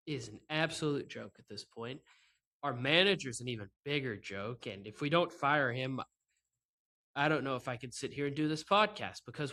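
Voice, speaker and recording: A man with a bright, forceful voice hosts a solo sports podcast into a laptop microphone. He rants in a sarcastic, exasperated way, mocking and breaking into laughter, at a mid pitch. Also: expressive, normal speed. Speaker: podcast host. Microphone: microphone with laptop and camera.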